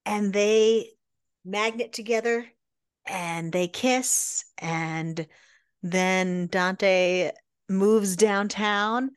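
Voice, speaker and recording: A woman co-hosting a podcast, summarizing the story in a measured, casual way and drawing out her words. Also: mid-range voice, clean tone. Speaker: podcast co-host. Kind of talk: casual book discussion.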